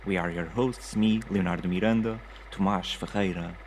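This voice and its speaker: A man co-hosting a casual film-review podcast. He speaks in a relaxed, thoughtful way and often restarts his sentences. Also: low-pitched, normal speed, a little hiss or hum. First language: Portuguese. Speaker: podcast co-host.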